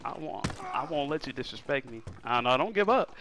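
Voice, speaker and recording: A man's voice: mid-range voice, lively intonation, a little fast, very noisy. A man, a gaming streamer doing casual commentary, joking trash talk and laughing often.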